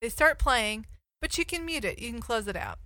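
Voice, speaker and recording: A woman co-hosts a casual podcast, talking through her ideas at length. Her voice is bright and slightly high. It sounds dry and close. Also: lively intonation, moderate pace, no echo. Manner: chatty, explains ideas at length. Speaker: podcast co-host. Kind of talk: casual chat.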